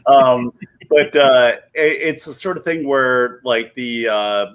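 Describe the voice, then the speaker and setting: A man's voice: mid-range voice, slow, a bit bright. A man in his thirties, a comedian guest, telling a story while a bit tipsy, rambling, cutting himself off and laughing mid-sentence.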